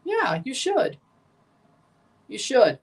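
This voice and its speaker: A man hosting a livestream watchalong, giving excitable play-by-play of a soccer match between chatty replies to his viewers. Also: extremely high pitch, extremely slow, slightly rough, distant mic. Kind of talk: casual watchalong commentary.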